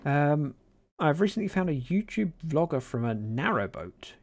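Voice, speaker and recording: A British man chats casually while gaming on a livestream, reading out viewer messages with dry, self-mocking humour. His voice is fairly high and somewhat dark, very animated, at a normal speed. There's slight background noise.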